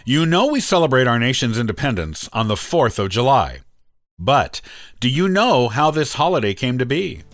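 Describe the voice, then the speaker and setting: A man hosting a podcast, reading a scripted history narration in a measured, steady way. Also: medium pitch, faint music behind. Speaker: podcast host.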